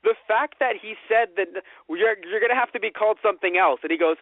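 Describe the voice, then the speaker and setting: A man co-hosting a podcast, chatting casually with animated, rambling delivery and plenty of swearing. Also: high-pitched, quick pace, no echo. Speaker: podcast co-host. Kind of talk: casual chat. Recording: phone-like lo-fi audio.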